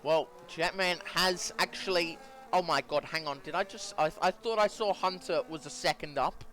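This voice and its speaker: A man's voice: on the high side, normal speed, a bit bright. A man co-commentating a sim racing session, easygoing, laughing along and reading out the timings. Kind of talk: live esports co-commentary.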